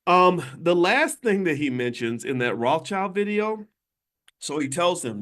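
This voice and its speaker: A man's voice: high voice, very animated, unhurried. A middle-aged man giving an emphatic, preaching-style lesson over a phone livestream from a hotel room, full of rhetorical questions. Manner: emphatic, rhetorical questions, swings between loud and quiet. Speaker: speaker giving an economics lesson to a live online audience. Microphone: phone on a video stream.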